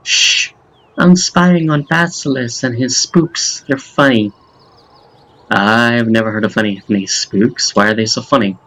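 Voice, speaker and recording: A man's voice: medium pitch, measured pace, fairly bright tone, natural voice, rough recording. A man reading as a chatty curious kid. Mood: conspiratorial. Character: curious young kid, chatty and wide-eyed.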